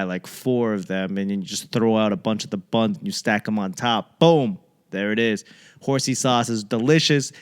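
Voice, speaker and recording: A young man from the Boston area, a comedian hosting his podcast, rambling through a profane, casual comic monologue and slipping into quick impressions of other people. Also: mid-range voice, clear, resonant tone. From Boston area, USA. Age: young adult.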